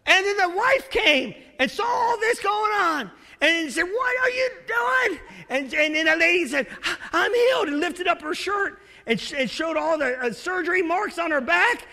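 A man preaching a sermon, moving between quiet storytelling and shouted exhortation to the congregation. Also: extremely high pitch, lively intonation, moderate pace, gravelly, hardly any pauses. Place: church. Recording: long reverb of a church hall.

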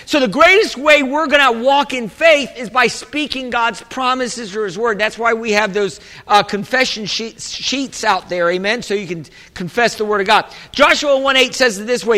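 In a church sanctuary with long, echoing reverb, a male pastor preaches conversationally, restarting sentences and calling for amens from the congregation. His voice is very high-pitched and sharp, at normal speed with hardly any pauses.

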